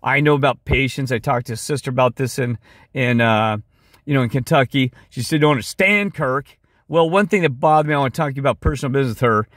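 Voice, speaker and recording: A weary man rambles through a heartfelt monologue, drifting between topics. His voice sits at a middle pitch and is recorded close on a dry mic, with no room sound around it. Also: fast talker, no echo. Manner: rambling, impassioned, goes off track. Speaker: video creator. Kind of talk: rambling monologue with screen share.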